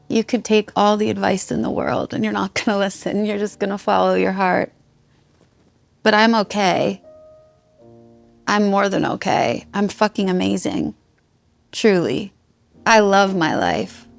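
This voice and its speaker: A woman's voice: mid-range voice, steady tone, unhurried, vocal fry, pauses often, faint music behind. A woman in her thirties, a musician, candidly telling a raw personal story, heartfelt and swearing freely. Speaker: guest musician.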